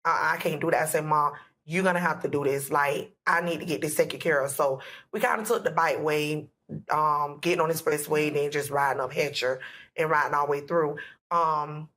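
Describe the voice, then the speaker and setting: Husky low-voiced woman telling a story. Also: fairly even intonation, fairly quick, fairly bright tone. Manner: emotional, retelling dialogue with many "I said, he said". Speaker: podcast guest. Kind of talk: personal storytelling.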